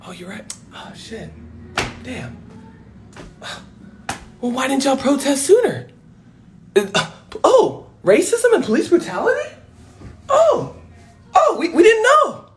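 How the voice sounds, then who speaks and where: A man's voice: very high voice, huge pitch swings, slow pace, pauses often, slight background noise, voice pushed up, full character voice. A man playing a sheepish person who pretends to be surprised, in a sarcastic, mock-innocent tone. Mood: fake surprise.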